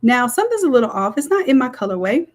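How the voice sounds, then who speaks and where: Very animated and quick, this design instructor's voice sits on the high side. She chats her way through a live screen-share tutorial, saying "y'all" and explaining each step to viewers.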